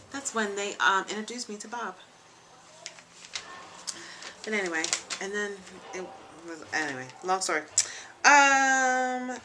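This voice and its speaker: Seated in a leather chair at home, a young woman runs her own informal web show, talking chattily, candidly and with jokes, full of ums and side comments. Her medium-pitched voice is bright and forceful, with a little background noise.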